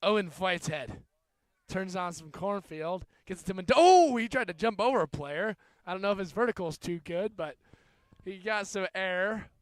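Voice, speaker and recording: Young guy doing rugby play-by-play, high clear voice, goofy and jokey, dry sound. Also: normal speed, no echo. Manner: jokey, rising to excited shouts on big plays. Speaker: student play-by-play commentator. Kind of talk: amateur sports commentary.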